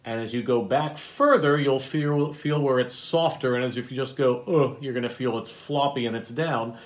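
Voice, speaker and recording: A man teaching a vocal warm-up, coaching between sung syllables. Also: mid-range voice, fairly even intonation, moderate pace. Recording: loud piano behind the voice. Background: piano accompaniment.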